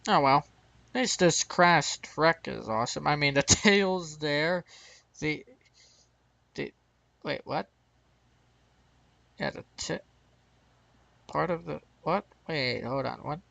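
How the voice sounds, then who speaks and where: A man's voice: on the high side, slow, creaky, pauses often, bright, forceful tone, no room sound, rough recording. An American man hosting his gaming channel, rambling through casual gameplay commentary and chuckling at his own mistakes. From United States.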